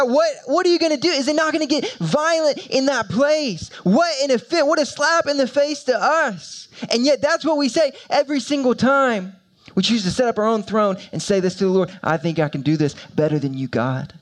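A man preaching a sermon, moving between quiet, low passages and loud, high-pitched emphasis, with repeated building phrases. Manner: repetitive, building rhetorical preaching. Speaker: pastor.

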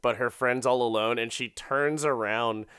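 A man's voice: medium pitch, steady tone, moderate pace, a bit bright, clean tone, dry recording, clean studio sound. A man casually retelling a movie plot in a profane, rambling way, often laughing. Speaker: film recapper.

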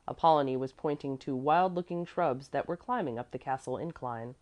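A woman reading a storybook aloud in an expressive, measured narration. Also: very deep voice. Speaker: audiobook reader.

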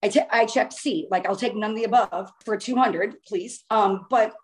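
A woman, a guest, recounting a personal experience in an animated, excitable way, acting out her own past words as she goes. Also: medium pitch, moderate pace, rough recording.

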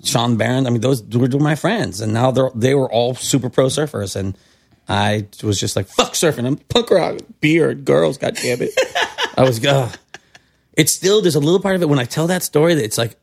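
Man, middle-aged, from Santa Cruz, gravelly, fry, lively storytelling. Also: moderate pace. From Santa Cruz, California. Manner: animated, acts out quotes with big pitch jumps. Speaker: podcast guest. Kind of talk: casual storytelling.

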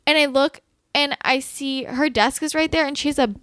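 A woman's voice: high voice, normal speed, no room sound. A young woman telling a dramatic story in casual chat, full of "like" and restarts. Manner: animated, fillers of "like", dramatic retelling. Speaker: storyteller guest.

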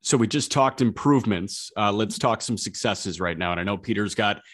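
Low-voiced male podcast host. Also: normal speed. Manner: relaxed, asks questions, laughs along. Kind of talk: casual chat.

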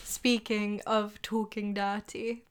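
A woman's voice: mid-range voice, level tone, clear, resonant tone. A young woman co-hosting a podcast, telling stories in casual chat and laughing often. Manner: giggly, storytelling, unhurried. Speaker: podcast co-host.

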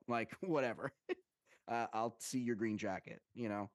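A man of medium pitch co-hosts a golf podcast, talking fast and loose with plenty of swearing and filler words. His voice is close and dry, with no room sound. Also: no room sound. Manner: animated, profane banter with frequent "like" fillers. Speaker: podcast co-host. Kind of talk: casual podcast chat.

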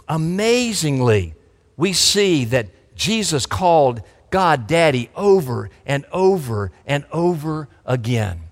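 A man preaching a sermon as pastor, fervent, his delivery swinging between loud emphasis and soft, intimate asides. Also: a little high. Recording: long hall reverb.

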